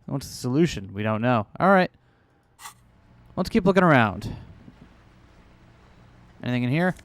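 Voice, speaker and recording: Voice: medium pitch, sing-song, moderate pace, dry recording. A streamer casually chatting and joking while playing a video game. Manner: joking, swearing asides. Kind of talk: casual game play-through.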